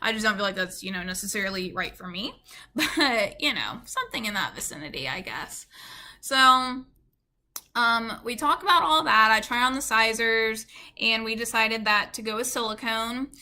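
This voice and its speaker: A woman's voice: a little high, lively intonation, moderate pace, sharp tone. A woman with a Southern US accent telling a casual storytime to her camera, chatty and full of "like" and "you know.". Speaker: beauty vlogger.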